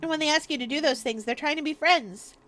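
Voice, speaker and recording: A woman livestreamer chatting casually and rambling through advice, acting out what people say in quick little voices. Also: high-pitched, fairly bright tone. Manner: rambling, gives advice, acts out quoted speech.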